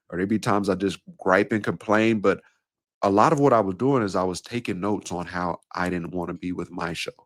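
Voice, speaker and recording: A man with a nasal voice and a slight Southern country twang, talking through a solo podcast in a measured, deliberate way and shifting his pace for emphasis. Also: low voice. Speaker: podcast host and speaking coach.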